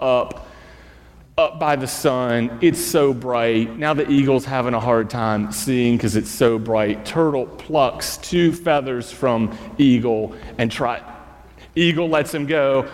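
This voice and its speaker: A man preaching as a school chaplain, relaxed and conversational, dropping fillers and talking straight to the pews. His voice sits at an ordinary middle pitch. It rings out with a long church reverb. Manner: casual, conversational, with fillers and asides to the congregation. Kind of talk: storytelling sermon.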